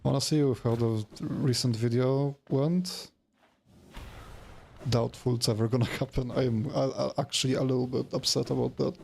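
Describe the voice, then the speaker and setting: Tired gravelly-voiced man streaming. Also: mid-range voice, steady tone, normal speed, a little mellow, slight background noise. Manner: rambling, self-deprecating, swears casually. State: tired after work. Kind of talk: casual gaming livestream chat.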